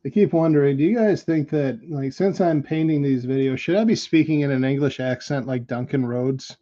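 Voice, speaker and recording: An American man chats on a hobby livestream, musing aloud and poking fun at himself while he works. His voice is mellow and relaxed, at an average pitch. The stream audio is dull and lo-fi. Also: brisk. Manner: self-deprecating, chatty, musing aloud while working. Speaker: streamer painting miniatures. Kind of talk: casual livestream chat.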